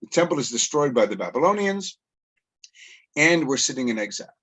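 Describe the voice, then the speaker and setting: A middle-aged man with a Canadian accent, lecturing an audience with animated storytelling, quotes and asides. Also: medium pitch, a little fast, husky. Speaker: educator.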